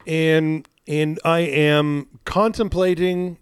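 A man hosting a news-comedy podcast, chatting casually and reading news with wry deadpan asides. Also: mid-range voice, unhurried, no room sound, studio quality. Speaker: podcast host.

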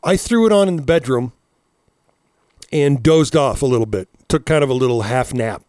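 A man's voice: medium pitch, expressive, normal speed, darkish tone, no echo, studio quality. Rambling, laughing podcast man. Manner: rambling, profane, laughing storyteller. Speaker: podcast co-host. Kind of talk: casual chat.

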